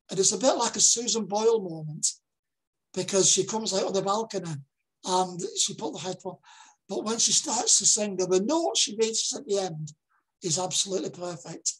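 Older Lancashire man, husky and a little breathy, earnest public speaker who repeats key lines for emphasis. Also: high voice, poor audio. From Lancashire, England. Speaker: dementia campaigner giving a talk. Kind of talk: public presentation.

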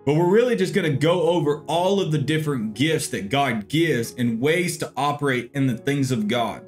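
A man's voice: a little high, expressive, normal speed, few pauses, soft background music. A man, a pastor, teaching a Bible lesson in an earnest, conversational way. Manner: earnest, conversational, with frequent "you know".

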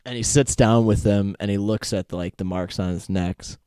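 A man co-hosting a casual podcast who talks haltingly, with lots of "like" and "uh". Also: on the low side, steady tone, mellow, smooth, dry recording, studio quality. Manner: hesitant, full of "like" and "uh". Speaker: podcast co-host.

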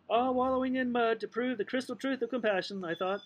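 Here an audiobook reader, a man, takes a loose, playful pass at a novel, stumbling at times and making asides. His voice sits high and fast with a fairly bright tone, over a little hiss or hum in poor audio.

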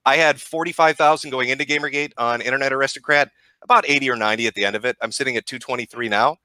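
A man's voice: medium pitch, rapid-fire, bright, forceful tone, no room sound. A man hosting a live-stream debate, combative and mocking, swearing freely as he presses his guest.

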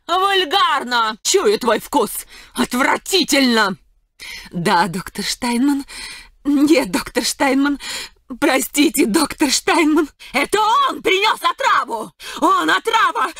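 A woman's voice: high voice, no room sound, studio quality, exaggerated voice. A woman voicing a deranged, hostile cultist in a dubbed video game, fervent and accusing. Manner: fervent, accusing, shouted threats.

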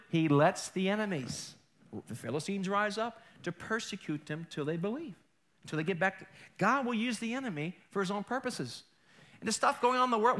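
A man preaching a sermon as pastor, telling stories with animated energy and joking with the congregation. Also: sits high. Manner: animated storytelling, mimics accents, jokes with congregation.

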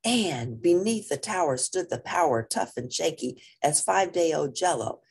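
Slow, husky female reader for a children's book, playful and very lively in pitch. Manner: expressive, playful. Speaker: storybook reader. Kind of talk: children's read-aloud.

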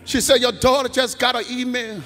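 High-voiced man preaching in a reverberant church. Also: flat delivery, brisk. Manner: preaching cadence, shouts and half-sung lines. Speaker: church leader giving testimony. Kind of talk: testimony rising into shouted praise. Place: large church sanctuary. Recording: long church reverb, faint organ music.

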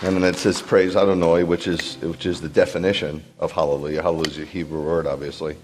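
A man's voice: sits low, quick pace, big-room sound, background noise. A man, a rabbi, preaching a sermon to a congregation in a teaching manner, often checking whether listeners follow. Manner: animated teaching, asks the room questions. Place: large hall with a congregation.

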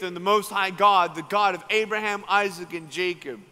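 An Australian evangelist preaches a sermon built around a story, acting out each person's words and rising to loud climaxes. His voice is high-pitched, his pace moderate with hardly any pauses, and the recording carries long hall reverb.

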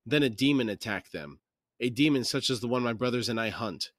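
A man's voice: medium pitch, expressive, fairly quick, fairly bright tone, dry recording. A man voicing a fierce, hot-tempered female warrior in a fantasy audiobook reading, curt and snarling. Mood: angry.

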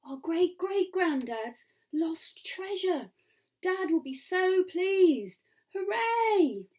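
A woman's voice: very animated, slow pace, distant mic, exaggerated voice. A woman doing an urgent, bossy little princess girl. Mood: thrilled. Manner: hissing, insistent, high and loud. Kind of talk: storybook read-aloud.

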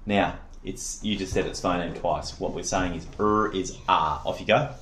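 A man's voice: deep voice, normal speed, fairly bright tone, a little hiss or hum. A man tutoring a child one-on-one in phonics, giving patient, encouraging drill prompts. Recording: echoey room.

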